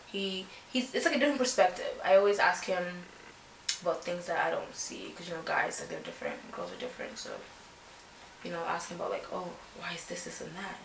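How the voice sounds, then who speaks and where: A young Canadian beauty vlogger with a Canadian accent rambles casually while doing her makeup, full of filler words. Her fairly low voice is sing-song and a little fast, picked up by a distant mic in a roomy space with faint noise.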